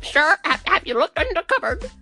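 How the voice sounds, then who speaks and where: A guy doing a shrill squawking cartoon parrot. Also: sing-song, fairly quick, pushed and bright, faint music behind, exaggerated voice. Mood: eager. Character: squawking cheeky male parrot.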